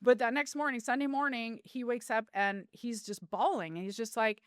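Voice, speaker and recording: Middle-aged woman, smooth and earnest. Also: on the high side, fairly even intonation, moderate pace, few pauses, fairly bright tone, no echo, clean studio sound. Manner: earnest, heartfelt, with vivid retelling. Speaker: guest. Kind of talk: personal storytelling in a podcast interview.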